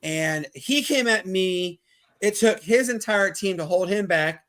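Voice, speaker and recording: A man from Mobile, Alabama with a Southern accent, hosting a casual sports podcast and telling stories in an animated way, laughing often. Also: high-pitched. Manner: animated, laughing, quick asides. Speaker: podcast host. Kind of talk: casual chat, storytelling.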